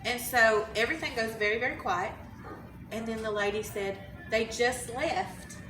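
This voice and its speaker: A woman who works as an emergency dispatcher tells a story in a casual interview, animated and laughing, acting out the voices of the people in it. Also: on the high side, brisk. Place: conference hallway. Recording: roomy, distant, with background noise.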